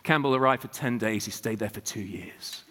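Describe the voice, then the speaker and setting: A man preaching a sermon as a guest speaker, telling revival stories with emphatic rhetorical questions and animated delivery. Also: lowish voice, normal speed, in a large hall.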